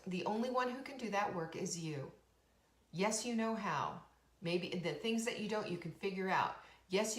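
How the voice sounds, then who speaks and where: A woman's voice: mid-range voice, echoey room. A woman hosting a motivational talk as a coach, speaking emphatically and earnestly with lots of repetition. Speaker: podcast host and coach.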